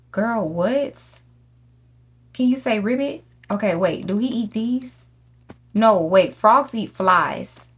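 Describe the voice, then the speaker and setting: A woman's voice: medium pitch, slightly rough. A woman hosting a gaming channel, giving casual let's-play commentary in a chatty, profane way and talking straight to her viewers. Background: faint game music.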